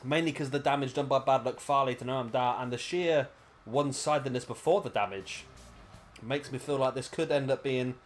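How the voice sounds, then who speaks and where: Over soft background music, a British gaming commentator with a mid-range voice talks at normal speed. He gives chatty, meandering play-by-play of a wrestling video game and keeps correcting himself partway through sentences.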